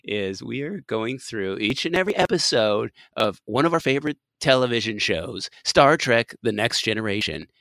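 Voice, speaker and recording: A man's voice: mid-range voice, animated, normal speed, gravelly, few pauses, fairly bright tone, no echo. A man co-hosting a casual podcast, playful and teasing, laughing often. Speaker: podcast co-host. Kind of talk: casual chat.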